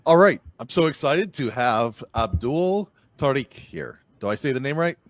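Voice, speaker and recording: A man's voice: medium pitch, expressive, normal speed, soft background music. A man with a Boston accent hosting a podcast interview, upbeat and chatty, often repeating his phrases. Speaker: podcast host. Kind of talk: casual interview.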